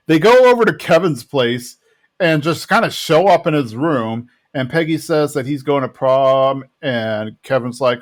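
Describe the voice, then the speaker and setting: A man co-hosting a podcast, casually retelling scenes and quoting characters in a relaxed chat. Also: on the high side, a little slow. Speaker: podcast co-host. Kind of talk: casual chat recapping a TV episode.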